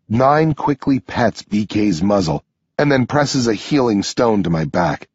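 Husky-voiced man narrating an audiobook. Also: unhurried, no room sound, muffled recording. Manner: steady storytelling delivery, pushing up in pitch for shouted dialogue. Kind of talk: scripted first-person narration.

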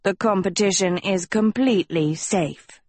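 A woman's voice: mid-range voice, unhurried, a little mellow, dry recording, natural voice. A woman voicing a pompous talking dog who reads out school rules in a formal, lecturing way. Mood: reassuring. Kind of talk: audiobook character voice.

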